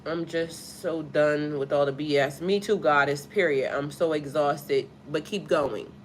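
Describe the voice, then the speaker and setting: She's an adult spiritual life coach with a child, streaming live in a casual way, blunt and emphatic with heavy swearing, and she breaks off to read out comments from viewers. Her low voice is unhurried, and there's a bit of hiss or hum.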